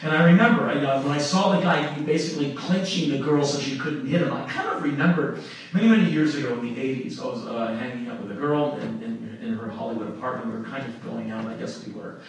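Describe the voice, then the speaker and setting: A middle-aged man telling a story live to an audience, animated and laughing through his telling. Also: mid-range voice, quick pace. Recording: echoey room from far off with noise.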